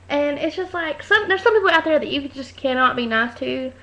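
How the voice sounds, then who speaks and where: Woman vlogger, high voice, loud and chatty, tells stories and mimics people; dull webcam audio. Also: quick pace. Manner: chatty storytelling, acts out voices, talks loud. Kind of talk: casual webcam rant. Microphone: webcam mic.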